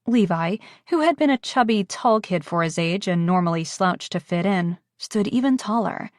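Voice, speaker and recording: A woman narrating a romance audiobook in a calm, even reading. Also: medium pitch, moderate pace, no room sound, studio quality. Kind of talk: scripted narration.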